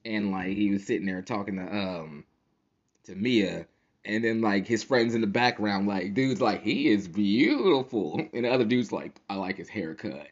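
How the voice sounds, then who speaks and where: A man's voice: fairly low pitch, lo-fi sound. A man hosting a casual solo podcast, slangy and profane, often laughing as he tells stories. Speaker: podcast host.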